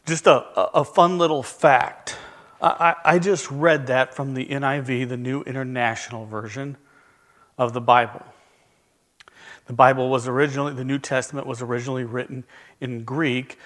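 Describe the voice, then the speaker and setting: A man delivering a sermon at an earnest, measured pace, stressing key words and pausing for effect. His voice sits at an ordinary middle pitch for a man. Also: a bit bright. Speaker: preacher.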